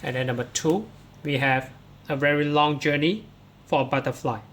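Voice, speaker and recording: A man's voice: on the high side, steady tone, fairly bright tone. A man teaching English, walking pupils through workbook answers and reading the text aloud step by step, starting many sentences with "so". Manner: slow, explains step by step, starts lines with "so".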